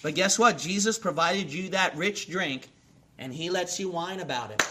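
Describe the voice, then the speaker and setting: A man preaching a sermon with passion, repeating phrases and asking rhetorical questions, swinging from hushed lines to sudden shouts. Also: high-pitched, normal speed, noisy background.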